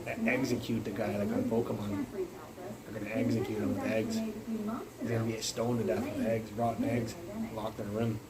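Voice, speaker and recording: A man's voice: fairly low pitch, normal speed, over a noisy crowd, low-quality recording. Rambling man on a phone livestream. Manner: rambling storyteller, swearing, jumping between topics. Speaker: livestream host. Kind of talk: rambling casual livestream chat.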